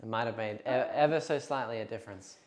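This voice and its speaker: A man's voice: mid-range voice, fast talker, echoey room, slight background noise. A man in casual chat over a tabletop wargame, easygoing and agreeable, reading rules out. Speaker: wargaming player and host.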